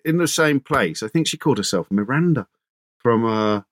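A radio presenter telling stories as an interview guest, animated and anecdotal, with frequent restarts. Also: male voice, mid-range voice, moderate pace. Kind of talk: casual interview storytelling.

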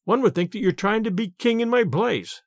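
Imperious king yelling at people, man doing the voice in a storybook, high and swoopy. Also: lively intonation, moderate pace, dry recording, clean studio sound. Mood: stern. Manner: imperious, scolding. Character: proud, angry medieval king, grown man. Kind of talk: storybook character voice.

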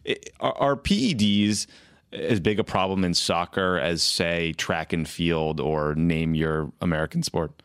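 A man hosts a podcast interview and puts his questions in a measured, plain way. His voice is very low and steady. It is recorded close and dry. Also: smooth, no room sound. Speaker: podcast host.

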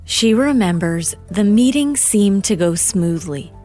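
A woman narrating a true-crime story in a measured, grave way. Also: medium pitch, lively intonation, dark tone, soft background music. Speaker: documentary narrator and interviewer.

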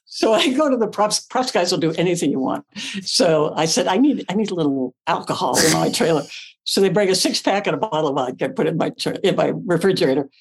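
An older actress as a guest, telling a story in a casual, animated way, acting out her own quotes and laughing often. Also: on the low side, quick pace, slightly rough.

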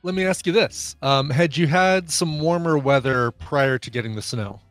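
A man's voice: on the high side, normal speed, a bit bright, no echo, faint music behind. A man co-hosting a podcast, chatting casually in a playful, agreeable way. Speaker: podcast co-host. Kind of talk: casual chat.

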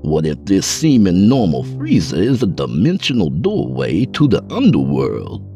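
A man voicing an excitable male occult scholar, stammering and declaiming theatrically. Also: low-pitched, moderate pace, soft background music, pitched above the performer's own voice, heavily acted. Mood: musing.

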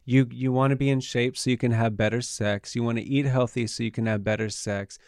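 A man guest coaching on intimacy, speaking softly and haltingly with many fillers. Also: medium pitch, fairly even intonation, dry recording, studio quality. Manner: soft-spoken, hesitant, many fillers. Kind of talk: casual interview chat.

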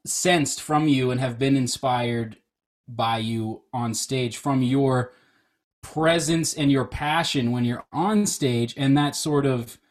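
A man co-hosting a casual podcast chat over a video call, rambling with many restarts. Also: on the high side. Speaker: co-host.

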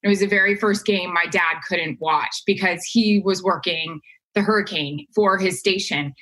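A woman with a fairly low voice and a forceful, bright edge tells sideline stories in relaxed podcast chat. She acts out what others said to her with animated delivery. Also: moderate pace, low-quality recording. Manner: animated storyteller acting out quotes. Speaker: guest sportscaster.

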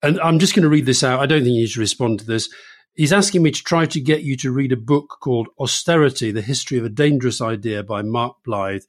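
A middle-aged man co-hosts a political podcast in an ordinary mid-range voice. He talks briskly and directly. Now and then he slips in some dry teasing of his co-host. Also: medium pitch.

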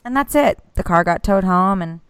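A woman's voice: medium pitch, moderate pace, crowd noise. A woman in her thirties co-hosting a casual podcast chat, telling a story with lots of acted-out quotes and swearing. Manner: animated, swearing, acts out quotes. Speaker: podcast co-host.

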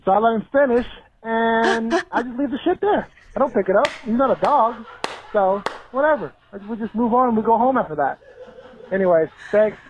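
Dad in his 30s leaving a rambly voicemail, fairly high voice, tinny phone line. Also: fairly quick. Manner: relaxed, rambling, with many fillers. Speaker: caller. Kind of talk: voicemail story.

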